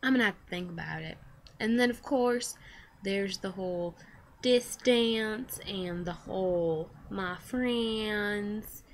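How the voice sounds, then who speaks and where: A teenage girl, a high school senior, rambling in a casual confessional vlog, full of "like" and quick self-corrections. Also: slight background noise. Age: teens. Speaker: vlogger.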